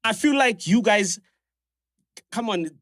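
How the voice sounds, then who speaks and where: A man's voice: high voice, lively intonation, slow, fairly bright tone, dry recording, clean studio sound. A South African man in a live audience, asking the hosts a question in a hesitant, stammering way. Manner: hesitant, stammering, calls people dog. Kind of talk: live podcast Q&A.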